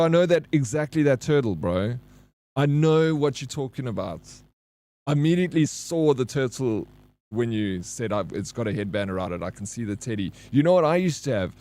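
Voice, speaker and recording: A man with a South African accent chats loosely with viewers on a live stream. His voice sits at an ordinary middle pitch, and he rambles and laughs easily as he talks. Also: a little mellow. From Johannesburg, South Africa. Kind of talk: casual chat with viewers.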